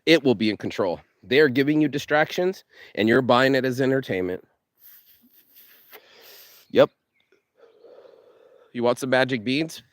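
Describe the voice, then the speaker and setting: A man delivering a rambling, profane motivational monologue for his own vlog, speaking fast with restarts and swearing freely. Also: medium pitch, no room sound, studio quality. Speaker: vlogger.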